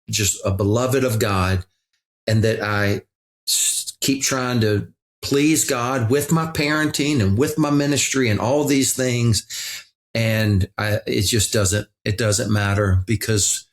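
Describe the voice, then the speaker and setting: A middle-aged man, a pastor guest on a podcast, talking earnestly and reflectively, often restarting his sentences. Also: fairly low pitch. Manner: earnest storytelling with frequent restarts. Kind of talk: reflective conversation.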